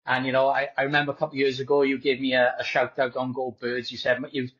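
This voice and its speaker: A man chats easily on a sports podcast, often pausing and filling gaps. His pitch is mid for a man, and the recording sounds dull and lo-fi. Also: monotone, fairly bright tone. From Wales. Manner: easygoing, hesitant, many fillers. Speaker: podcast co-host. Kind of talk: casual sports podcast chat. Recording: dull lo-fi audio.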